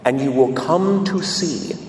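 A man voicing a holy, saintly old priest who speaks gently and gravely. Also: a little high, slow pace, slight background noise. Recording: echoey hall from a distance.

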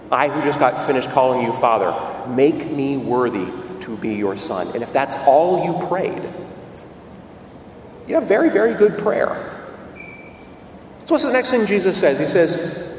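Animated man preaching in an echoey church. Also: fairly high pitch, distant mic, slight background noise. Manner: animated, questioning, emphatic repetition. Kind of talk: sermon.

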